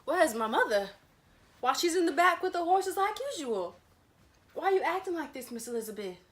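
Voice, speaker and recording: A woman's voice: on the high side, fairly even intonation, moderate pace, roomy sound, slight background noise, natural voice. A woman playing an impatient young woman eager for news of her love. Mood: agitated. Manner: impatient, pressing questions.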